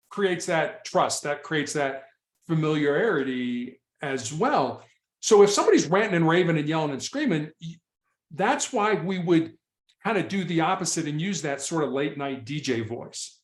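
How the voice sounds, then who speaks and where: A man's voice: on the high side, animated, moderate pace. A man who was a SWAT hostage negotiator tells stories in conversation, often restarting and repeating words. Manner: frequent repetitions and restarts. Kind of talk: conversational interview storytelling. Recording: echoey room.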